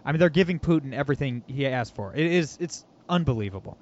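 A man's voice: mid-range voice, lively intonation, fast talker, darkish tone. A man hosting a political podcast, talking casually and animatedly, mocking and laughing often. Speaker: podcast host. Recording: dull lo-fi audio.

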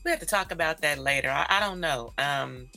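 Forceful, laid-back woman podcast co-host. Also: sits low, expressive, brisk, gravelly, faint music behind. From Northern California. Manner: slangy, laid-back, laughs often. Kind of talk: casual podcast chat.

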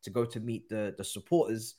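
A man telling an animated story in casual chat, acting out other people's voices. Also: on the low side, a little fast. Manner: animated, acts out quoted voices. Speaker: guest football pundit.

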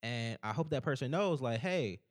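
A man's voice: medium pitch, animated, normal speed. A man leads a loose conversation as host, his voice sitting in an ordinary middle register. He talks his way toward each idea, doubling back and repeating words as he goes. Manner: rambling, repeats words while building thoughts. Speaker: podcast host. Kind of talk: casual chat.

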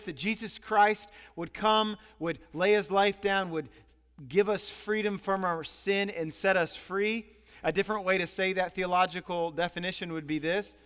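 A man preaching a sermon as pastor, animated and storytelling. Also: high-pitched. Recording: long hall reverb.

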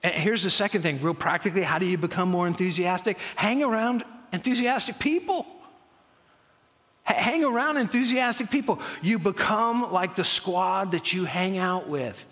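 Middle-aged man preaching, slightly high voice, long hall echo, hushes prayers and punches key lines. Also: moderate pace. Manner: storytelling, drops to a near-whisper for prayers, rises to loud emphasis. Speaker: pastor. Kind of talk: sermon. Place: church auditorium. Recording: long church-hall reverb.

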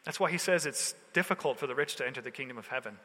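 A man's voice: mid-range voice, lively intonation, very fast, pushed and bright. A male pastor giving a sermon in a loose, conversational way, full of everyday slang. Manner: casual, conversational preaching with slang. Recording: long hall reverb.

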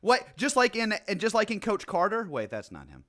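A man co-hosting a podcast in casual comedic chat, playful, with deadpan mock-serious asides. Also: sits high, a little fast. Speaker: podcast co-host.

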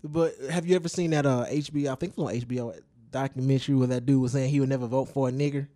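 A man's voice: medium pitch, fairly even intonation, rapid-fire, mellow, dry recording, studio quality. A man co-hosting a podcast in casual chat, talking loosely and profanely, often checking in with "you know what I'm saying?". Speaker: co-host of a podcast.

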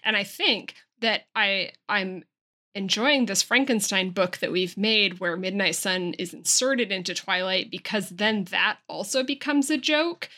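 Bright-voiced woman co-hosting a book podcast. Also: mid-range voice, measured pace. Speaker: podcast co-host. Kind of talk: casual book discussion with read-aloud passages.

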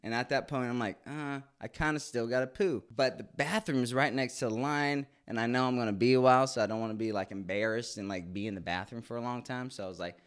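A man's voice: mid-range voice, quick pace, hardly any pauses, clean tone. A man in his late twenties telling a candid, crude, comic story with lots of swearing in a casual monologue. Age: 20s. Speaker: podcast host.

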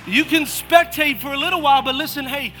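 Pastor, male, very high bright voice, fired-up sermon delivery that names people in the pews, soft music underneath. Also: a little fast. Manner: energetic, calls out churchgoers by name, repeats "come on". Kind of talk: lively sermon to a congregation. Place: church auditorium.

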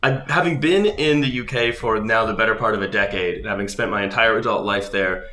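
A man's voice: on the low side, a little fast, bright, forceful tone, roomy sound. A Canadian man in his thirties with a Canadian accent, chatting as a podcast guest in a dry, self-deprecating way. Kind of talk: casual interview chat.

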